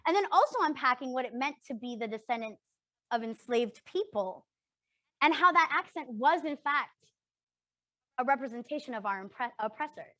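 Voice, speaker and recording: امرأة شابة من كندا تقدّم ورشة عمل تفاعلية بصوت مرتفع قليلًا، تتحدث بجدية وحماس وتسأل كثيرًا "صح؟"، والتسجيل جاف بلا صدى تقريبًا. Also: female voice, high-pitched, expressive, normal speed, bright, forceful tone, no echo. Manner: earnest, emphatic, often checks in with "right?". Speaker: workshop facilitator. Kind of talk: interactive workshop talk.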